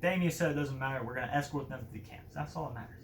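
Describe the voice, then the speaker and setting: A man's voice: mid-range voice, very fast. A man casually telling a story, rambling with many fillers. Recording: roomy echo, faint noise.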